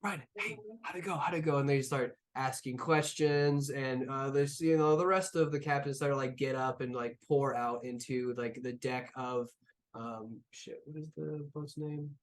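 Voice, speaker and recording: Man, game master, casual narration, filler-heavy, profane, mid pitch. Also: steady tone, a little slow.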